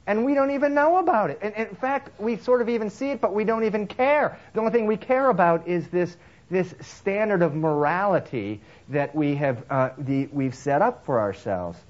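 Halting, conversational male preacher. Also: dull audio. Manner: conversational, halting with many restarts and fillers; acts out characters' lines with lively swings in pitch. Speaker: pastor. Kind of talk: sermon with a told story.

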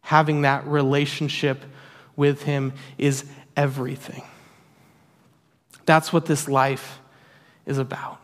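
A man's voice: mid-range voice, level tone, slow, pauses often. A man preaching a sermon in an earnest, emphatic way, repeating key phrases for weight. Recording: long hall reverb.

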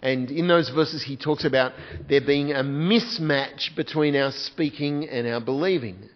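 A man's voice: mid-range voice, measured pace, lo-fi sound. A man preaching a sermon as a pastor, earnest and putting direct questions to his congregation.

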